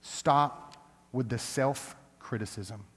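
An earnest male pastor speaks at an ordinary middle pitch, mixing a casual storytelling tone with bursts of emphatic preaching. His voice rings out with the long reverb of a large church hall. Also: slow, a bit bright, slightly rough. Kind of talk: sermon with personal story.

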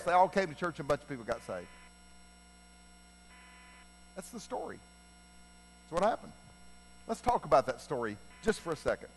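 A male preacher giving a sermon, retelling a Bible story in a folksy, animated way. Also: a little high, fairly quick, pauses often, slightly rough, in a large hall, poor audio.

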